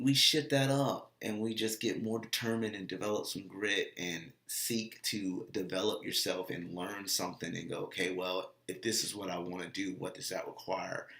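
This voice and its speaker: A man speaks in a casual motivational monologue, his low voice rough with gravel. He talks earnestly, circles back over his points and acts out little bits of dialogue. The sound is roomy and echoey. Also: a bit bright. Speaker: motivational vlogger and dog trainer.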